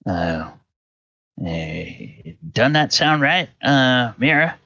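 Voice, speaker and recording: A man's voice: medium pitch, sing-song, extremely slow, gravelly, bright, forceful tone, no echo, muffled recording, pitched above the performer's own voice, heavily acted. A man doing a bumbling country farmer. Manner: hesitant folksy drawl. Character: simple older male country farmer.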